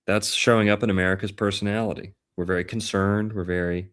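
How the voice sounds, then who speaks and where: A man's voice: on the low side, flat delivery, fast, fairly bright tone. A man hosting a casual podcast chat about astrology, playful and punning, stretching out words for emphasis. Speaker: podcast host.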